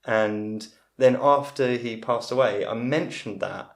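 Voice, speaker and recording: A man's voice: medium pitch, slow pace. Rambling man telling stories. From England. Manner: rambling storyteller with frequent restarts. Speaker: comedian guest. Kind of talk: casual anecdotal chat. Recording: roomy echo.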